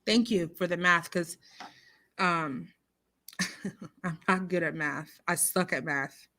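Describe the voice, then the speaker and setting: Speaking slowly in a lowish, pushed, bright voice, a woman hosts a casual livestream and reads her chat out loud. Her reactions to the viewer comments are outspoken and indignant, and the audio comes through a computer mic on a streaming call.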